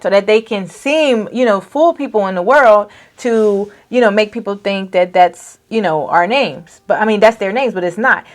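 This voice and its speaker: Slow, preachy woman vlogger. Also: medium pitch. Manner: preachy, keeps asking "okay?". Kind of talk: bible study talk.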